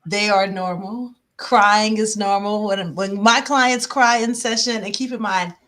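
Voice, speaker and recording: A woman coach speaking on a casual podcast, her voice at a middle pitch for a woman. She talks in an animated way, laughs easily and leans on "um" between thoughts. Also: a little slow. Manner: animated, laughs often, many "um" fillers. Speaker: relationship coach.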